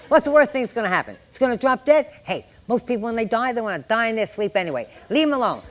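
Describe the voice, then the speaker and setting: A woman's voice: fairly high pitch, big pitch swings, fast, few pauses. Joking older woman lecturing nurses. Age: 60s. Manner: joking, chatty asides to the class. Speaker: nurse educator. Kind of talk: live exam-prep lecture.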